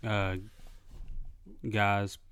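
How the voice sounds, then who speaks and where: Lower-pitched man cracking jokes. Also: monotone, fairly bright tone, clean tone. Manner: joking, quick interjections. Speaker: podcast co-host. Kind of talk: casual chat.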